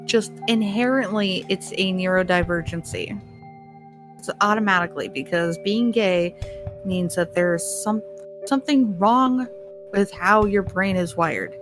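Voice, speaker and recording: With music in the background, a woman speaks unhurriedly in a mid-range voice as she hosts a solo podcast. Her casual rant is blunt and laced with heavy swearing, and she laughs at her own points.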